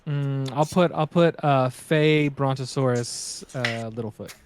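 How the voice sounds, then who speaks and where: A man's voice: mid-range voice, a little slow. A man playing a character in a tabletop game, answering in a dry, joking, matter-of-fact way. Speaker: player.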